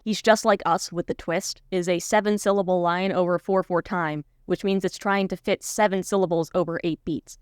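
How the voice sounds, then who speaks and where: A woman's voice: lowish voice, fairly even intonation, normal speed, few pauses, smooth, no room sound, clean studio sound. A woman narrating a scripted video essay in a wry, analytical manner.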